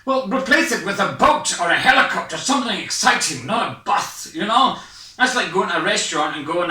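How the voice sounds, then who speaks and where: Scottish man, stand-up over webcam: high, bright, hyper and breathless, echoey room, mic at a distance. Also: sing-song, fairly quick. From Scotland. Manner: hyper, rambling, self-mocking. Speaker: stand-up comedian. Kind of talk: online stand-up set. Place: his home.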